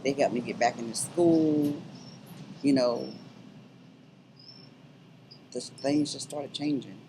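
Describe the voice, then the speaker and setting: A middle-aged woman gives a personal testimony in an interview. She speaks earnestly and haltingly, with many restarts, then builds to fervent urging. A faint hiss sits beneath her voice. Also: a bass voice. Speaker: interview guest, abuse survivor.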